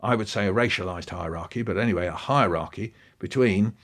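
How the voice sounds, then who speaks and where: Guesting on a podcast interview, a man tells stories with lively energy, his pitch rising and falling. He speaks a little fast.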